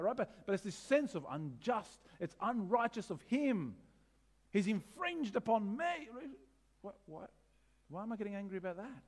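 A man preaching a sermon as pastor, animated, asking rhetorical questions with wry humor. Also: high voice, moderate pace.

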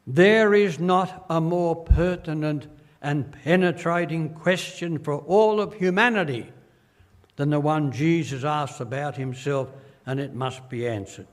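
An older man with an Australian accent preaching a sermon as pastor, slow and earnest, acting out quoted voices as he tells stories. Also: on the high side, big-room sound.

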